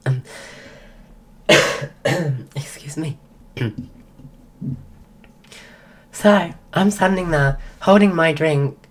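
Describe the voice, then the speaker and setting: A woman with a strikingly deep voice tells a long, rambling story on a stream, full of "like" and false starts. She is sick and her voice is going. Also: extremely slow, pauses often. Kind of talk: casual storytelling.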